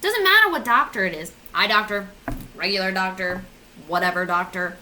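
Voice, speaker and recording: Bright-voiced sarcastic young woman. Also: mid-range voice, expressive, normal speed, slight background noise, poor audio. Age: 20s. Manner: sarcastic, swearing, self-mocking. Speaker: vlogger. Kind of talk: casual comedic rant.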